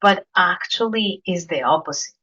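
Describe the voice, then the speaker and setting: A woman's voice: lowish voice, moderate pace, sharp tone, husky. A Colombian woman with a Spanish accent, hosting a podcast interview and telling anecdotes in an earnest way, often repeating words while she searches for them. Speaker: podcast host. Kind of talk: casual interview chat. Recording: dull lo-fi recording.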